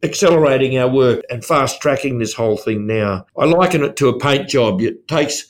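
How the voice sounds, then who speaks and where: A man's voice: mid-range voice, moderate pace. Rambling older man. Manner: rambling, restarts often. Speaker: mining company chairman. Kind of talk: interview guest.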